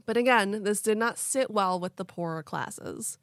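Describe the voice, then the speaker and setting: Here a young woman co-hosting a true-crime podcast recounts events in a relaxed style, peppering her talk with "like" and "quote unquote." She speaks at a moderate pace and medium pitch, with clean studio sound and no echo.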